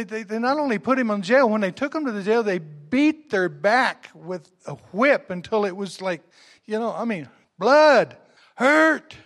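A man preaches a sermon in a high voice, retelling stories in a folksy way. He often calls on the congregation to answer back, with frequent restarts as he goes. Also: a bit bright.

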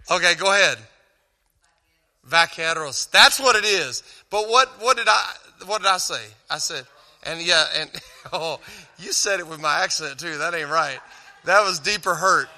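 Talking to a church audience, a Christian cowboy singer and speaker rambles and jokes in a Texan accent, often stopping himself partway through a sentence. His voice sits high and sounds sharp and expressive, at a measured pace, trailing a long reverb tail. It's casual stage talk.

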